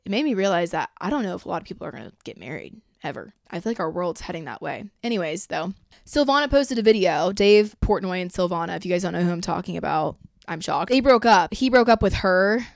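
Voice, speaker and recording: A woman's voice: on the low side, animated, fast, vocal fry, dry recording, studio quality. A young woman in her twenties hosting a podcast, talking casually in a blunt, profane, chatty way. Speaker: podcast host. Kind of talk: casual chat.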